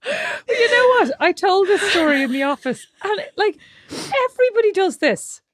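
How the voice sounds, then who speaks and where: A woman's voice: very high-pitched, sing-song, moderate pace, dry recording, studio quality. A woman co-hosting a podcast with her sister, teasing and laughing in casual chat. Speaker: podcast co-host.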